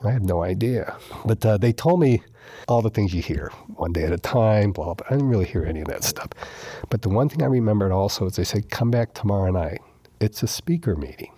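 In a casual interview, a male guest tells the story of his recovery, bringing it to life by acting out quoted dialogue and repeating lines for emphasis. His voice is husky and fairly low, his pace brisk, and the recording is dry.

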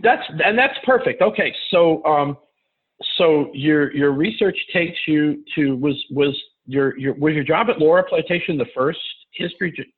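A man hosting an interview, chatty and quick to jump in with his own asides. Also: on the high side, slightly rough. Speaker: interview host. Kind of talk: casual interview talk. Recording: tinny phone-like line.

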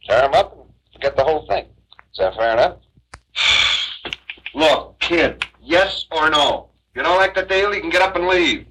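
A sleazy, manipulative photographer with a lively, bright and slightly husky voice. He wheedles and pushes with growing impatience, in 1960s film style. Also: fairly high pitch, normal speed, long pauses, full character voice, rough recording. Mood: pushy.

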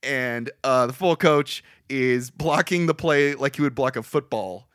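A man's voice: mid-range voice, a little slow, a bit bright, clean tone, no echo, studio quality. A young man casually recapping a film's plot on a podcast, rambling and swearing, laughing often. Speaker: podcast co-host. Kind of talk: casual movie recap chat.

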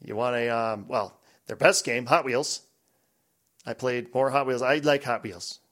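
Man, podcast host, relaxed rambling chat, medium pitch. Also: a little slow. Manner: relaxed, rambling, drifts off mic at times. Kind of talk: casual chat.

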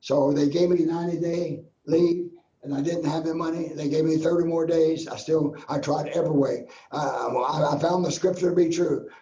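An older guest minister shares a personal testimony, his slightly high, mellow voice fairly even in intonation and moderate in pace. He speaks in an earnest, repetitive preacher's cadence. The sound is roomy, dull and lo-fi.

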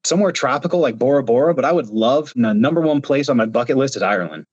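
A man's voice: medium pitch, animated, fast, husky, dry recording, lo-fi sound. A man from Ohio, a reality show contestant, telling stories in a casual interview over a video call while gesturing with his hands. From Ohio, United States.

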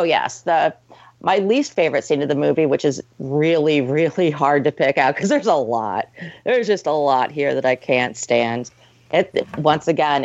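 A woman's voice: deep voice, dry recording. Woman co-host tearing into a film, sweary and scornful, lo-fi dry podcast audio. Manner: ranting, profane, mocks scenes in put-on voices. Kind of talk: casual podcast film review. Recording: dry, dull lo-fi sound.

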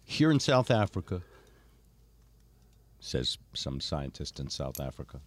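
An older man hosts a chatty podcast, telling stories as an animated storyteller packed with fillers. His voice rumbles low and runs a little slow, in a dry recording.

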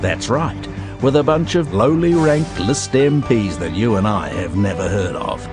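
Brief: male promo announcer, lowish, very animated, music behind. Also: a little slow. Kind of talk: radio promo voice-over.

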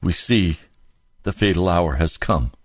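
A male preacher delivering an impassioned sermon full of rhetorical questions, climbing to high emphatic peaks. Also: a little slow, no echo, clean studio sound.

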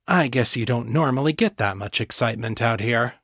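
A man's voice: medium pitch, a little fast, fairly bright tone, no room sound, clean studio sound. A man voicing a cocky male incubus who drawls and mocks his questioner. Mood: smug. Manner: drawling, mocking.

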